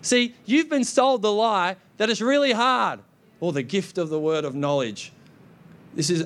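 A young adult man preaching a sermon, energetic and exhorting the congregation. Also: sits high, a little slow. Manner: energetic, exhorting with repeated "come on".

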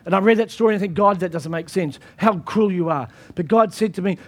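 A man's voice: high voice, quick pace, few pauses. A man pastor preaching a sermon in an emphatic style, often repeating his phrases.

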